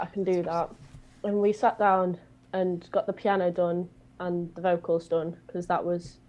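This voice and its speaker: British woman, low-pitched, rambling guest singer on a call. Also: dark tone, poor audio. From Britain. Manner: chatty, rambling storytelling with fillers. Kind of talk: casual chat.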